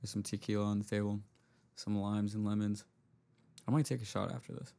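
A man's voice: lowish voice, little pitch movement, a little fast, gravelly, mellow. A young man hosting a casual chat, telling slangy, profane stories and acting out the people in them. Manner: slangy and profane, storytelling with acted quotes. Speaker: podcast host.

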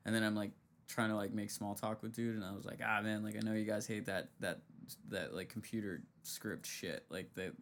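The voice is fairly low, steady and fairly bright, moving at a fairly quick pace with slight background noise. It's a young podcast host in a casual chat, telling slangy, profane stories and voicing the characters in them.

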